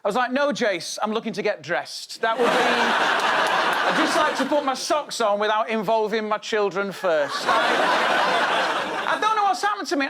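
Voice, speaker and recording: A man's voice: very high voice, very noisy. A man in his forties doing a stand-up set on a comedy show, with wry, self-mocking observational jokes. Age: 40s.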